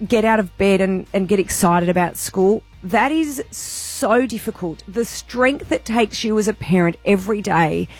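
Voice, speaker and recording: A woman's voice: medium pitch, unhurried, few pauses, breathy edge, soft background music. An Australian woman hosting a radio show, talking in an emotional, gushing way. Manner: emotional, gushing, tearful at times. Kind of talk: radio chat.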